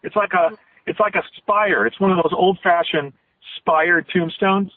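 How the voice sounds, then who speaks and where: A man's voice: high voice, measured pace, no echo. A man being interviewed as a guest on a radio show, telling a long story in earnest detail, his voice at times catching with emotion. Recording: tinny phone line, dry.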